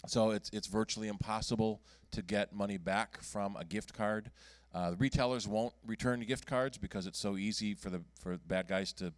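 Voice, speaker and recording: A man presenting at a computer club meeting, speaking in a low, smooth, resonant voice. He talks casually and halts often, filling gaps with ums and restarting his sentences. The sound is dry and close. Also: fairly even intonation, dry recording. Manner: halting, many ums and restarts. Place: meeting room.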